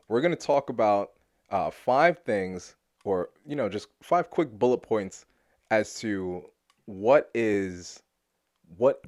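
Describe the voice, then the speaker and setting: A man's voice: fairly low pitch, expressive, slow pace, darkish tone, no room sound, studio quality. A man hosting a solo podcast, talking loosely and profanely to his listeners with plenty of restarts. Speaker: podcast host. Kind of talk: casual solo podcast monologue.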